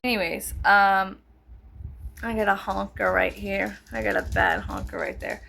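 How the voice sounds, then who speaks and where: Gravelly woman ranting casually. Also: mid-range voice, unhurried. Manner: profane, animated, exaggerating with mock voices. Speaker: vlogger.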